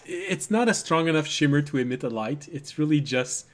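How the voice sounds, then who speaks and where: A man's voice: on the high side, lively intonation, normal speed. A man narrating as game master of a tabletop game, explaining rules and describing items patiently.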